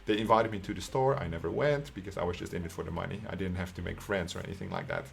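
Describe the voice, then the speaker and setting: A Dutch man in his twenties tells a story in a slightly low voice. His delivery is casual and laced with swearing. He keeps checking in with the listener, tagging lines with a quick "right?". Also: gravelly, a little hiss or hum. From Netherlands. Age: 20s. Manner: casual and profane, often tags lines with "right?". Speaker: online coach.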